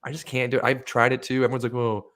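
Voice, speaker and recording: A young man co-hosting a casual show, telling stories in an animated way and swearing a lot. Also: mid-range voice, very fast. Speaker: podcast co-host. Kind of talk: casual banter.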